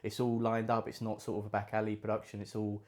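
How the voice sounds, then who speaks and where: A young man from England hosting a casual chat, talking quickly in a loose, rambling way. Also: on the low side, monotone. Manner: fast, chatty, rambling. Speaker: podcast host and actor.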